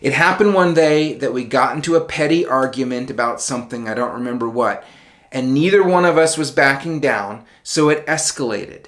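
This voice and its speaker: A man's voice: medium pitch, normal speed, fairly bright tone. A middle-aged man telling a personal story in a wry, conversational monologue with self-deprecating asides. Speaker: video essayist.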